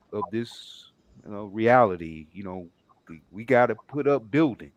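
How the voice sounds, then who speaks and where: A man on a discussion panel speaking in a measured, sermon-like way, with many filler pauses. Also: medium pitch, no echo. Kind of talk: preachy panel talk.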